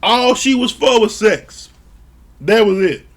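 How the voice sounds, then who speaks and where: A man's voice: sits high, expressive, takes it slowly. A man recapping a reality show in a casual, blunt and profane way, sounding exasperated. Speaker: show reviewer.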